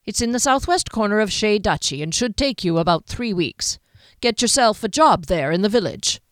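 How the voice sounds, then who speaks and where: A woman's voice: mid-range voice, lively intonation, normal speed, no echo, studio quality, lightly acted. A woman voicing a terse old mentor. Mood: firm. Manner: unequivocal, clipped.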